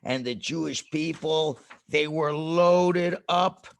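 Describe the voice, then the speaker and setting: Over a video call, a rabbi tells children a lesson story, dramatically and with lots of questions for the kids. His male voice is on the high side, slow and creaky.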